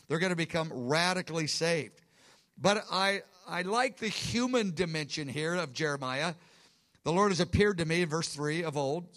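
A man's voice: on the high side, a bit bright. A man preaching a sermon with earnest emphasis, often restarting phrases and acting out quotes. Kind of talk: sermon teaching.

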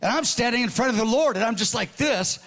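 A man in his sixties preaching a sermon, telling stories in an excited, earnest way with frequent restarts. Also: extremely high pitch, quick pace. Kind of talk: sermon storytelling.

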